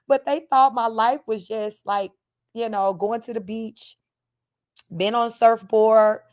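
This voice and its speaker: A woman's voice: on the high side, takes it slowly. A middle-aged woman from Northern California with a Bay Area accent and a slight Southern twang, chatting casually to a livestream and telling stories with frequent laughter. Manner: animated storytelling, laughs often, reads chat comments aloud. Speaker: livestream host.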